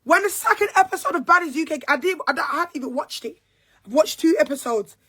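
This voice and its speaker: Young woman ranting, high sharp voice, heated and repetitive. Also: animated, fast. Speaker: reality show cast member. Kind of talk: angry monologue to camera.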